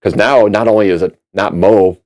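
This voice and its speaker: A man from Minnesota, a musician guest on a podcast, telling a story with lively acted-out dialogue. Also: lowish voice, moderate pace. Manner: animated storyteller acting out quoted dialogue.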